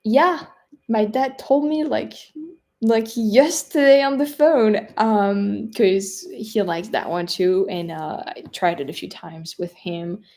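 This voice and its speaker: A woman's voice: medium pitch, slow, warm tone. A young woman from France with a French accent, hosting a casual livestream and chatting loosely with viewers, full of fillers and little laughs. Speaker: livestream host reading viewer chat. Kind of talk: casual live-stream chat.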